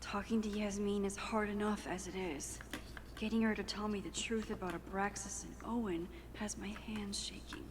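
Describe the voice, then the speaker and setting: A woman's voice: medium pitch, steady tone, moderate pace, natural voice. A woman voicing an anxious, introspective young heroine. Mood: thoughtful. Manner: introspective, often whispered inner thoughts. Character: anxious young woman student with time powers.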